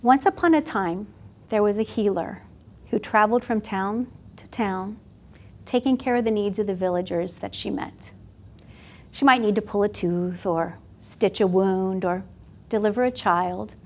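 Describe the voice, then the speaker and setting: A woman presenter at a university event, telling a fable in an expressive storytelling manner. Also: medium pitch, normal speed. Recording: dull lo-fi sound.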